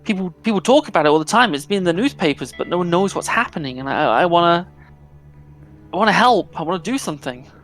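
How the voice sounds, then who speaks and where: A man's voice: high voice, lively intonation, fast talker, fairly bright tone, voice pushed up. Man putting on a flustered teen reporter girl. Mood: earnest. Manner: stammering, apologetic. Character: young female reporter, late teens, flustered and earnest.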